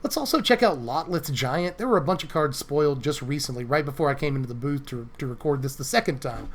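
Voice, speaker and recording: A man's voice: a little high, lively intonation, fast. A man hosting a casual card review from a recording booth, chatty and loose, with frequent ums and small laughs. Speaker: host.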